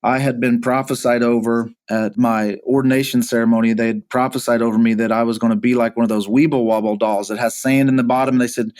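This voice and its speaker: A pastor being interviewed, earnestly recounting a hard personal story, often halting and repeating words as he goes. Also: medium pitch, flat delivery, a little mellow. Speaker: pastor, podcast guest.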